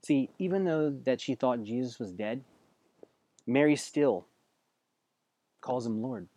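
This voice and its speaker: A man preaching a sermon in a conversational way, asking his listeners direct questions and swinging between hushed passages and loud, emphatic bursts. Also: mid-range voice, animated, takes it slowly, no echo. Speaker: pastor.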